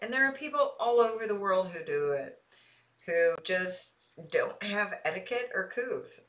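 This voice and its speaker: A woman with a somewhat low voice and a Midwestern accent softened by a light Texas twang, chatting with her stream audience. She talks in a loose, animated way and laughs easily between thoughts. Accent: Midwestern with a light Texas Southern twang. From American Midwest. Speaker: streamer answering chat. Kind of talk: casual live-stream chat.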